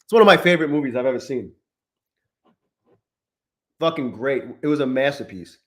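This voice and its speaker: A man's voice: medium pitch, animated, a little fast. A man in his forties hosting a live trading stream, chatting casually with viewers and swearing often. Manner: profane, restless, talks to chat. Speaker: trading livestream host.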